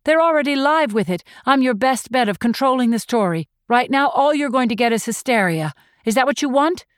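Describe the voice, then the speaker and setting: A woman's voice: high voice, lively intonation, fairly quick, no echo, studio quality, pitched above the performer's own voice. A woman reader playing a determined female reporter who argues in a raised, insistent voice.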